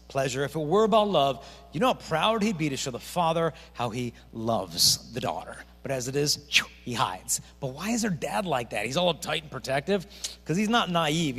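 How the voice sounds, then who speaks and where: A middle-aged man giving a high-energy youth assembly talk, telling stories with acted-out voices. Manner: animated storytelling with acted-out voices. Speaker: chastity speaker. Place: parish hall. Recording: echoey hall.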